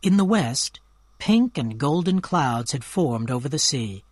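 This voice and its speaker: Man reading a story for learners, clear and measured, mid voice, dry close mic. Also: medium pitch, animated, dry recording. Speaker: narrator. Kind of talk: scripted storybook narration for learners.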